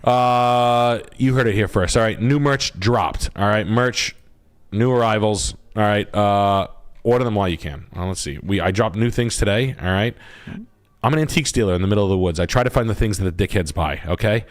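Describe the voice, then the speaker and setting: Guy streaming, kinda low voice, rambly and swears a lot, jokey. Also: a little fast. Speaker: livestream host, realtor. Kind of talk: loose, crude banter on a live stream.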